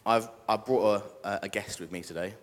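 A man's voice: fairly low pitch, steady tone, brisk. A young British man preaching a casual sermon and joking with the congregation. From Britain. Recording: echoey church hall.

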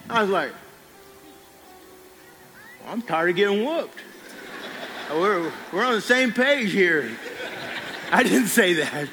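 A man preaching a sermon, telling a folksy personal story and dropping low on quiet lines. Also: lively intonation, takes it slowly, pauses often, big-room sound, a little hiss or hum.

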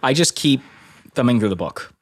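A man's voice: medium pitch, sing-song, moderate pace. A man playing a tabletop game, speaking earnestly in character. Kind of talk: in-character role-play. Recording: loud guitar music behind the voice.

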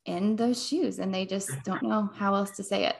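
A woman's voice: mid-range voice, fairly even intonation, normal speed, vocal fry. A woman in a casual panel discussion, playfully mocking a demanding boss.

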